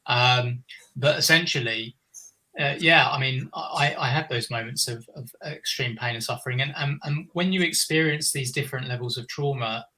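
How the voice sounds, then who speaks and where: Earnest, rambling man with a bright voice. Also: mid-range voice, moderate pace, low-quality recording. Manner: earnest, meandering, many restarts. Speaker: guest. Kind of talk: reflective conversation.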